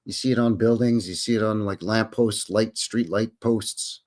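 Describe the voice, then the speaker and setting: A man's voice: lowish voice, fairly even intonation, normal speed, a little mellow. A man hosting a live stream. He reads articles aloud and rambles through wry, skeptical, joking asides. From Canada. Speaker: host of a live stream show.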